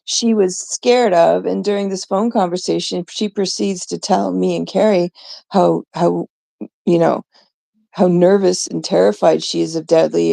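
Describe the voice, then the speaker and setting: A woman's voice: fairly low pitch, vocal fry, mellow. A woman host ranting indignantly in a rambling, profane monologue about online drama. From Canada. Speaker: livestream host.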